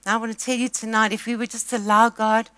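A woman preaching, moving between emphatic, stretched-out words and hushed asides to the congregation. Her voice sits fairly high. The sound is dry and close. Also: fast, clean tone, no echo. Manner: animated, emphatic storytelling with sudden loud peaks and quiet asides. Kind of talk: sermon.

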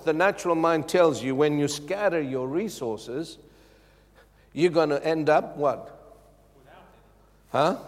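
A male preacher delivers his sermon at an unhurried, deliberate pace, pressing each point home. He throws questions out to the congregation as he goes. His fairly high voice carries a long reverb from a church hall. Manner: emphatic, calls out questions to the congregation.

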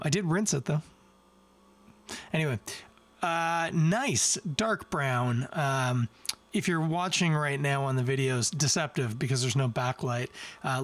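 Guy rambling on his beer podcast, chatty, pokes fun at himself, mid pitch. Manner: rambling, chatty, self-mocking asides. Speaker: podcast host reviewing beer. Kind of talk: casual chat, tasting review.

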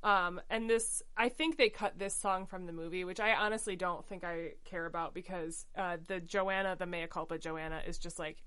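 Bright-voiced chatty woman. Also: on the low side, steady tone, clean tone. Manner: chatty, quick paraphrasing with mock quotes and laughs. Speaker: podcast co-host. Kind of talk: casual chat recapping a musical.

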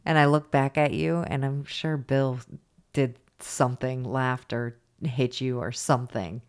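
A woman with an unusually low voice co-hosts a casual podcast. She tells stories in a chatty, meandering way, pausing often on "um" and "uh". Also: steady tone. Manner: storytelling, chatty, hesitant fillers. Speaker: podcast co-host. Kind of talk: casual chat.

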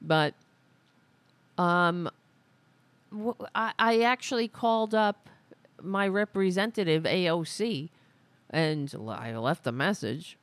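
A woman hosting a political podcast, venting in sarcastic, profane bursts. Her pitch leaps up and down with the exasperation, a little lower than most. The sound is dry and close on a studio microphone. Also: lively intonation, takes it slowly, long pauses, no room sound. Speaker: podcast host. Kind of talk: ranting political commentary.

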